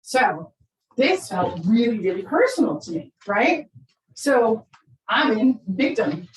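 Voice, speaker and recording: A woman's voice: a little high, a little slow. A middle-aged woman speaking to an audience about parenting, telling stories and acting out the voices in them. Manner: animated, acts out quoted voices. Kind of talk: storytelling talk to an audience. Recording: roomy sound from far off the mic.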